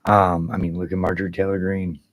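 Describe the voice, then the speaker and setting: A man's voice: sits low, flat delivery, fairly quick, no room sound, rough recording. A man hosting a casual livestream, rambling and swearing freely while greeting viewers by name. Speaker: livestream host.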